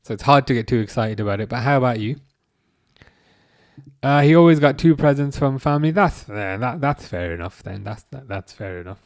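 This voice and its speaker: A man's voice: mid-range voice, expressive, dry recording. Guy in his 30s on a live stream, keeps restarting his sentences, dry jokey tone, dead dry sound. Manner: halting, restarts often, dry jokes while reading chat. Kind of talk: casual live-stream chat.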